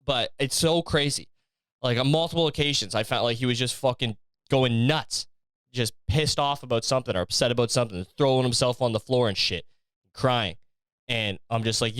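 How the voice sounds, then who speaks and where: A man's voice: medium pitch, moderate pace, fairly bright tone, clear, resonant tone, no room sound, clean studio sound. A young man hosting a podcast alone, rambling in a profane, jokey monologue. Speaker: podcast host. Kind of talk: casual solo monologue.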